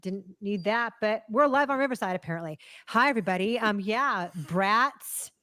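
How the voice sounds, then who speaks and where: A woman's voice: medium pitch, lively intonation, normal speed, sharp tone, no echo. A woman co-hosting a live movie news stream, chatting casually and greeting viewers by name, with frequent ums.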